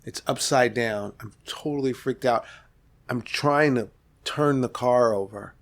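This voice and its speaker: A man's voice: medium pitch, measured pace. Middle-aged man telling a vivid story. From Los Angeles. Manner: vivid, animated retelling with sudden rises and soft drop-offs. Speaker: podcast guest. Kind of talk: candid storytelling about his past.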